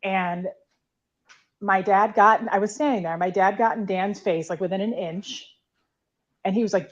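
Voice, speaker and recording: A woman's voice: mid-range voice, steady tone, moderate pace, highs cut off. A woman bluntly telling her own story in casual talk, swearing freely and filling with "like". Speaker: guest recounting her past. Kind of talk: candid conversational storytelling.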